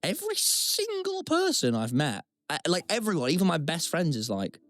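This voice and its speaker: A man's voice: a little high, huge pitch swings, moderate pace, fairly bright tone, dry recording, faint music behind. A young man, co-hosting a podcast, telling stories in a rambling, self-mocking way with dramatic outbursts. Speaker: podcast co-host. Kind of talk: casual storytelling chat.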